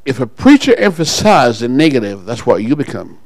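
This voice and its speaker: A pastor preaching a sermon to his congregation, calling people up front and pausing for call-and-response. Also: mid-range voice, big pitch swings, creaky, darkish tone, no room sound, poor audio.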